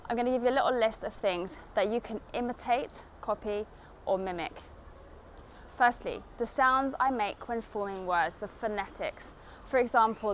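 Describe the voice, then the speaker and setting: A woman with a South East England estuary London accent, giving a spoken English lesson to camera in a clear, deliberate teaching manner. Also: fairly high pitch, a bit bright, slight background noise. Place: outdoors in a city.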